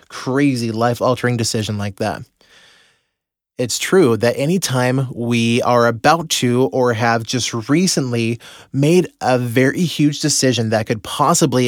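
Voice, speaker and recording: A man's voice: mid-range voice, dry recording, clean studio sound. A man hosting a podcast, telling a personal story to his listeners and acting out his own inner voice. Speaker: podcast host and business mentor.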